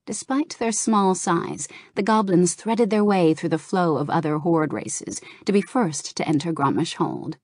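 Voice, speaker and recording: A woman narrating a fantasy novel aloud in a calm, steady reading voice. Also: fairly low pitch, a little slow, hardly any pauses, no echo, studio quality. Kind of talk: audiobook narration of a game novel.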